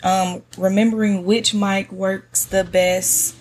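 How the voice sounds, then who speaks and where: Slow, soft-spoken woman podcast host. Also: mid-range voice. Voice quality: soft monotone voice. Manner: relaxed, slangy, many fillers. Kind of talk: casual solo podcast talk. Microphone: podcast mic on a stand.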